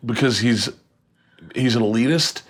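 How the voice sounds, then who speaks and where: A man hosting a casual kitchen chat, telling rambling, excitable stories. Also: medium pitch, normal speed. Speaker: host.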